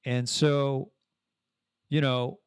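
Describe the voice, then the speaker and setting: A man from Canada hosting a casual podcast monologue, rambling and self-deprecating, with animated swings in his voice. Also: mid-range voice, drawn-out words, clean tone, no echo, studio quality. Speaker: podcast host.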